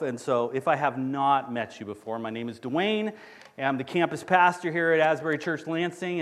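Conversational man preaching a sermon. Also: fairly high pitch. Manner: conversational, storytelling with audience questions. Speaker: campus pastor. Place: church sanctuary.

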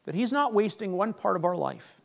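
A male pastor preaching a sermon, retelling Bible stories with lively acted-out voices. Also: high voice, moderate pace, gravelly. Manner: animated storytelling, acts out Bible characters.

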